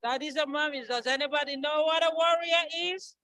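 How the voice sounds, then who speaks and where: A woman's voice: high voice, brisk, poor audio. A woman telling a story to children at a church service, asking them questions as she goes. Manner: animated, asks children questions.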